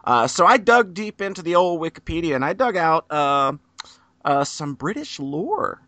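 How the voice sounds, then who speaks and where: A man's voice: on the high side, sing-song, normal speed, bright, forceful tone, no echo. A man hosting a podcast in a casual, teasing, joking way. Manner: joking, teasing, frequent laughs. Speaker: podcast host.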